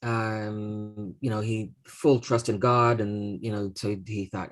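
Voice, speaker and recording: Halting man telling a story. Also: fairly low pitch, steady tone. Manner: halting, many restarts and fillers, acts out the voices in his story. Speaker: podcast co-host. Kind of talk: casual conversational chat, telling a story.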